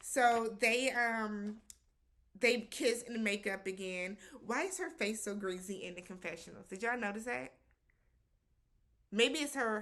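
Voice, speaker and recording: A woman's voice: medium pitch, a bit bright. A woman hosting a casual reality-show recap, talking animatedly, slipping into quoted voices and slang.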